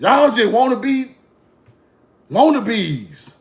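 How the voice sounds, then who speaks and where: A man holds forth to his online audience in a high-pitched voice with a rough, gravelly edge. He is blunt and profane, mocks the people he is talking about, and circles back to the same lines again and again. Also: big pitch swings, slow pace. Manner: blunt, profane, mocking, repetitive. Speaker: online commentator. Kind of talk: casual rant to camera.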